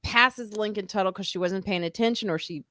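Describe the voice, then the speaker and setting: A woman's voice: mid-range voice, brisk, sharp tone, no room sound, clean studio sound. A woman hosting a podcast, telling a story in casual chat and acting out the quotes with big jumps in her voice. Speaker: podcast host.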